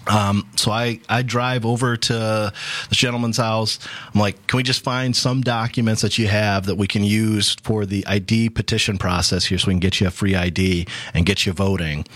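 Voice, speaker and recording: A man being interviewed on a talk radio show, telling stories quickly and casually with lots of fillers. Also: fairly low pitch, fairly even intonation, a bit bright, no echo. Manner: quick, chatty, many fillers. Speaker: guest, voter ID coalition coordinator.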